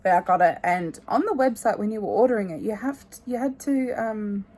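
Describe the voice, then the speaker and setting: A young woman in her twenties chatting to her phone camera, rambling and candid, often trailing off quietly. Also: mid-range voice, fairly quick. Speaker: vlogger. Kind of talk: casual chat to camera. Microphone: phone held at arm's length.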